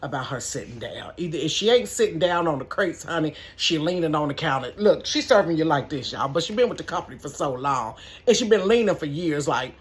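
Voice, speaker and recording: A middle-aged woman tells a story to her camera from her bedroom. Her voice sits fairly low, but it swoops up and down with a lot of life. She is chatty and animated, and she keeps calling her viewers "y'all" and "honey". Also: a little fast, few pauses. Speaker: store manager. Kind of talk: casual storytime vlog.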